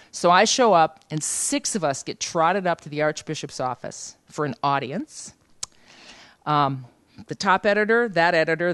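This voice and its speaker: A woman leading a journalism seminar, telling a lively anecdote and acting out the voices of the people in it. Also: low-pitched, smooth, no room sound. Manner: lively anecdotal, acts out quoted dialogue. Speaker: journalism trainer. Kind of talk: storytelling seminar talk. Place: seminar room.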